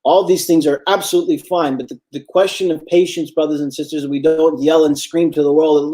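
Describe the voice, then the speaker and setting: A man's voice: on the high side, fairly even intonation, brisk, hardly any pauses, warm tone. A man giving a Friday sermon as imam, earnest and repetitive for emphasis, addressing his listeners as brothers and sisters.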